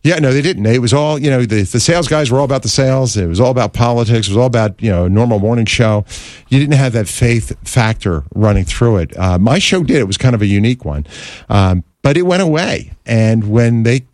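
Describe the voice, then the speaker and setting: A male talk radio host telling a story in an interview, animated and stammering, acting out the scenes he recalls. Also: on the low side, dry recording.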